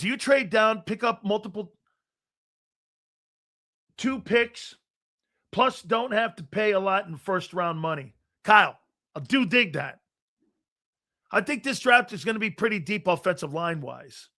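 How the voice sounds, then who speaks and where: A man's voice: sits high, sharp tone. A man hosting a sports talk radio show, ranting bluntly and combatively at callers and swearing freely.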